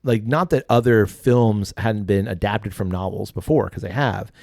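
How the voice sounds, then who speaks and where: Laid-back low-voiced man chatting. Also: moderate pace, creaky, no room sound, studio quality. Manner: relaxed, rambling, heavy use of fillers. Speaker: podcast co-host. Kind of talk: casual chat.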